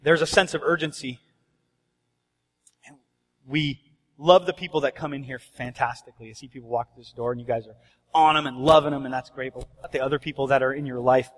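A man's voice: medium pitch, brisk, long pauses, big-room sound. A man preaching a sermon as pastor, urgent and conversational, often acting out bits of dialogue. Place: church sanctuary.

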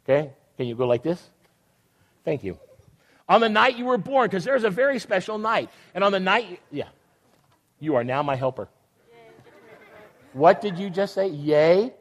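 A high-pitched older man gives a children's sermon, reading a picture book and joking with the kids as he goes. His manner is teasing and warm-humored, and he keeps the group involved. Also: sing-song, normal speed, long pauses, muffled recording.

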